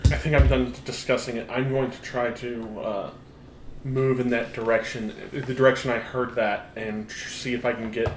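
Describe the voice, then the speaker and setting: A man's voice: mid-range voice, flat delivery, normal speed. Dry, wry male player. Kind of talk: casual chat at a game table. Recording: roomy with faint noise.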